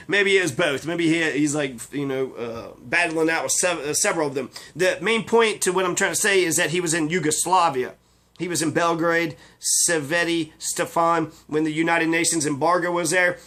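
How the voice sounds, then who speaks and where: A man's voice: fairly high pitch, pushed and bright. A man delivering a rambling, profane, indignant monologue as a video commentator. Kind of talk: casual ranting monologue.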